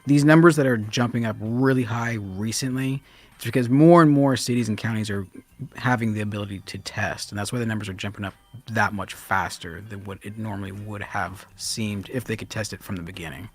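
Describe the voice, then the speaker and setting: A man's voice: fairly low pitch, steady tone, fairly quick. A man hosting a casual live stream, chatting loosely and reading viewer comments aloud. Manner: loose and chatty, drops in mild swearing.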